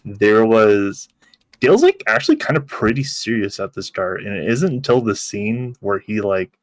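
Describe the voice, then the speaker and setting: A man's voice: on the low side, big pitch swings, moderate pace, no echo. A man co-hosting a podcast in casual chat, laughing often as he talks and acting out quotes. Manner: laughs while talking, acts out quotes. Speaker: podcast co-host.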